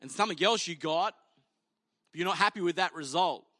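A man's voice: high voice, fairly quick, bright, forceful tone, no echo. A male pastor preaching a sermon in a conversational, humorous way, acting out the people in the story as he tells it.

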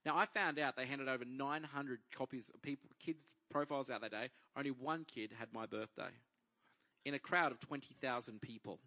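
Bright-voiced Australian man telling a story. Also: mid-range voice, fairly quick. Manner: lively storyteller acting out dialogue. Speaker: pastor. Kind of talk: sermon storytelling.

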